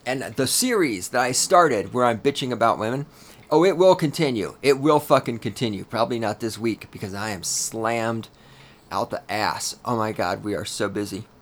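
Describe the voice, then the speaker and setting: A man hosting his own podcast in a solo rant, swearing heavily and talking in a loud, heated way. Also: normal speed. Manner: profane, ranting, heavy swearing; loud and heated, then lower and grumbling. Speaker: podcast host.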